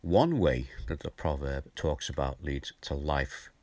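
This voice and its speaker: An older male preacher with a very deep voice talks through a morning devotional in a gentle, conversational way. He explains scripture in plain terms. The sound is dry and close, with no room echo. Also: expressive, measured pace. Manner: gentle, conversational, chuckles now and then.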